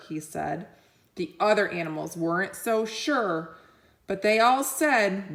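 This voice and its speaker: A woman reading a children's picture book aloud at an unhurried pace. Her voice rises and falls in a lively, sing-song way as she does voices for each animal. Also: medium pitch. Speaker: reader.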